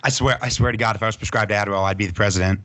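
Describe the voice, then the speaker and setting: A man co-hosting a casual sports betting podcast, talking excitedly and swearing, often laughing. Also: on the low side, racing. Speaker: podcast co-host.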